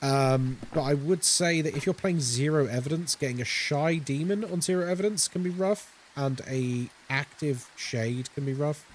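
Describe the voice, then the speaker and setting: A man's voice: a little high, moderate pace, few pauses, background noise. A young man streaming a horror game, chatting casually and playfully with his viewers as he plays. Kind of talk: casual live-stream chat while gaming.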